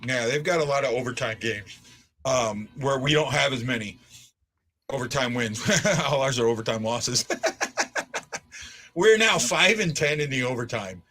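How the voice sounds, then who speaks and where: A man hosting a fan post-game show in casual chat, stammering and restarting his words and swinging from stunned to excited. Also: medium pitch, moderate pace, long pauses.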